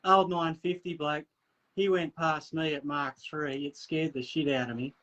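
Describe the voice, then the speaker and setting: An easygoing man, fairly high-voiced, chats laconically as a guest on a call. The audio comes through dull and lo-fi, as on a video call. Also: steady tone, unhurried, fairly bright tone. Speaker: caller. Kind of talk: casual chat.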